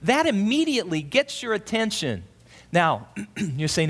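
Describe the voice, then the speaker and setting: A man teaching a Bible passage in a sermon, animated and asking listeners to read along with him. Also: high voice, measured pace, a little hiss or hum.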